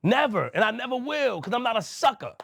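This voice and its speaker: A man's voice: very high voice, big pitch swings, fairly quick, vocal fry, fairly bright tone, husky, no echo, studio quality. A man from Queens, a podcast host speaking to camera, emphatic and repetitive as he addresses someone directly. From Queens, New York.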